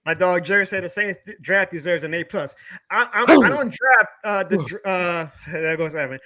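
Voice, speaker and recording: A man hosts a live sports stream, his voice high and bright. He rants hard, swears freely and breaks into laughs between points. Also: moderate pace. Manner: fired-up ranting, profane, laughs often. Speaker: podcast host.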